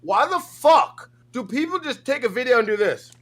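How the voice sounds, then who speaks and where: Guy ranting on a stream, high bright voice, swearing a lot. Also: normal speed. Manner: animated, profane, ranting. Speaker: stream co-host. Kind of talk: casual reaction-stream chat.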